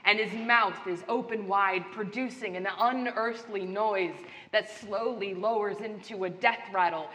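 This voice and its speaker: A woman's voice: medium pitch, unhurried, bright, forceful tone. A woman narrating a live tabletop horror game as game master, telling the story in a dramatic, descriptive way. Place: convention main stage. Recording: live stage hall, faint noise.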